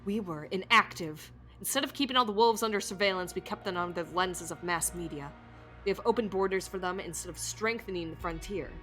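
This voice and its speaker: A woman's voice: fairly low pitch, a little fast, pushed and bright, soft background music. A woman voicing a stern female interrogator in a game, putting on an accent and lecturing coldly. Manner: put-on accent, cold lecturing tone.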